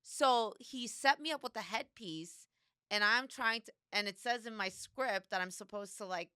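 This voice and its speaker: Woman co-host, bright crisp voice, animated storyteller, casual chat. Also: on the high side, moderate pace, no echo, clean studio sound. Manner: lively storyteller, acts out quotes. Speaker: podcast co-host.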